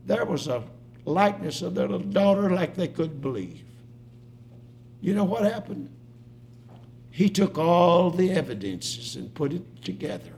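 Man, preacher, sermon, storytelling delivery, loud-to-hushed swings, medium pitch, faint background hum. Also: vocal fry.

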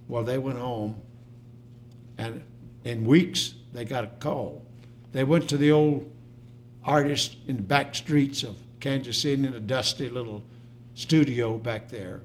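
Preacher man, storytelling with swells and hushes. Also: medium pitch, fairly even intonation, measured pace, slight background noise. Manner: storytelling, swings from loud to hushed. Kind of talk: sermon.

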